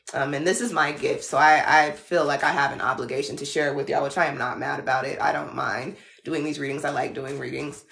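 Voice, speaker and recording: A woman's voice: low voice, gravelly, a bit bright, reverberant. A woman tarot reader talking in a casual, blunt, slangy way on a livestream.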